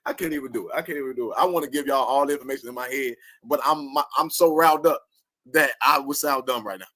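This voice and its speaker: A man's voice: medium pitch, quick pace, no echo. A man giving a fired-up commentary rant, cussing and laughing as he talks to his viewers. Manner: animated, cussing, laughing often. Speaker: online commentator.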